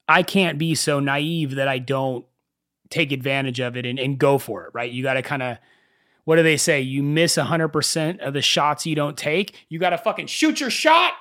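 Animated young man hosting his podcast. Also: fairly high pitch, dry recording, clean studio sound. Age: young adult. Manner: animated storyteller, swears freely. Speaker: podcast host. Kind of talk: casual solo podcast monologue.

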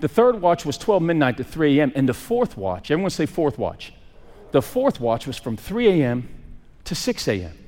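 A man preaching a sermon, swinging from raised emphasis to hushed, quiet lines. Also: fairly high pitch, wildly swooping pitch, normal speed, long reverb tail. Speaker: pastor.

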